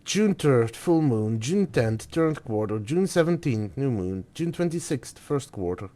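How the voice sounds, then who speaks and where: A man's voice: mid-range voice, sing-song, measured pace, mellow. A man streaming a video game, reading in-game notes aloud and thinking through puzzles as he goes.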